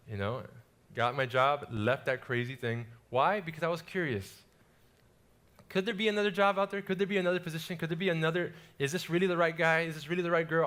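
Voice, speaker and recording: A man's voice: a little high, a bit bright. A young adult man from South Florida preaching a casual sermon built on personal stories, with lots of energy and repeated words.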